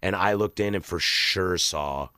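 A man co-hosting a casual podcast, telling animated stories and acting out his customers. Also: sits low, unhurried, smooth, no echo, studio quality. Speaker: podcast co-host, bartender. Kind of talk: casual chat.

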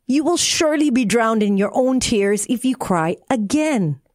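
A woman's voice: on the high side, expressive, moderate pace, a little mellow, dry recording, clean studio sound, pitched above the performer's own voice, natural voice. A woman voicing a fussy, prim frog. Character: fussy, fretful male frog. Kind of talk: storybook reading.

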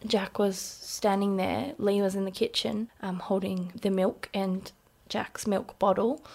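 A woman in her thirties with an Australian accent, casually telling a personal story in an interview with lots of "like" fillers and a hushed voice at times. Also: medium pitch. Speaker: interview guest.

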